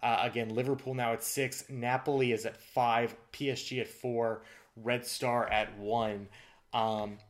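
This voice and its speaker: A male podcast co-host talks through the week's football results in a loose, rambling way. His voice sits at an ordinary middle pitch, and his chat is dotted with fillers and restarts. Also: flat delivery, unhurried. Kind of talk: casual sports chat.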